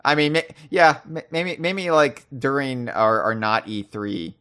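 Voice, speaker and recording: A man's voice: medium pitch, measured pace, smooth. A man hosting a podcast in a casual, rambling chat. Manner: rambling, lots of fillers and restarts, lively. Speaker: podcast host.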